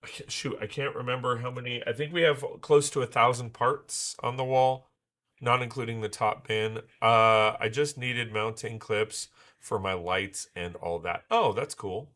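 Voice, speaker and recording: A man hosting a casual livestream while he builds, rambling with many fillers and restarts, his voice hoarse as he recovers from losing it. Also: medium pitch, fairly even intonation, normal speed, pushed and bright. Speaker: livestream host building Lego.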